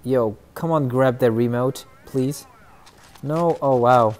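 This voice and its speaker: A man's voice: mid-range voice, slow, a little mellow. A man streaming a shooter game, chatting casually with viewers and trash talking opponents. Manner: playful trash talk to chat. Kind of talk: casual gameplay commentary.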